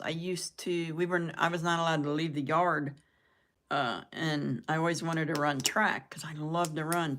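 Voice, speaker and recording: An older woman from the southern United States hosts a live stream, rambling in casual chat with her viewers and laughing at her own jokes. Her voice is low and a bit bright.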